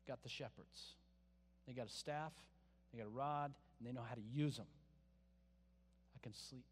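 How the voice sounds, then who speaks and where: A man's voice: mid-range voice, normal speed, long pauses, breathy edge. A man preaching a sermon as a pastor, in a conversational style with joking asides. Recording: long hall reverb.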